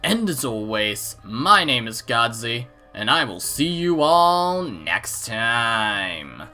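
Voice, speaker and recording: A woman's voice: extremely low pitch, very animated, takes it slowly, pushed and bright, soft background music. A woman hosting a visual novel playthrough in casual, sarcastic commentary, swearing and laughing. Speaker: let's play host.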